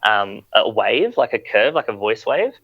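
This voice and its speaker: A man's voice: on the low side, big pitch swings, moderate pace, no echo. A man co-hosting a chat and musing with curiosity. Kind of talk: casual chat. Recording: dull dry sound.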